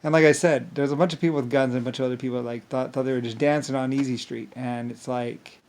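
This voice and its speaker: Man, mid-range pitch, meandering halting monologue with frequent false starts and uneven loudness. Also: fairly even intonation. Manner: rambling, halting, full of restarts and filler words; swings between mumbling and sudden loud bursts. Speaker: self-styled storyteller. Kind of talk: rambling monologue.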